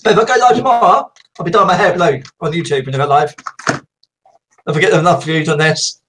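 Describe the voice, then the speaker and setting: A woman chatting casually with strangers on a live webcam stream, excitable and giggly, calling out sing-song greetings. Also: on the low side, fairly quick, slight background noise. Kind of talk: casual live video chat.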